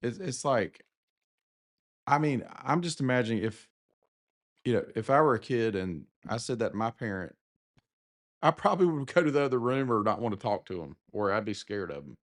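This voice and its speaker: A man's voice: mid-range voice, animated, normal speed. A man with a Southern US accent co-hosting a casual podcast, talking candidly and with self-deprecating humor. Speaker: podcast co-host. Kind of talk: casual conversation.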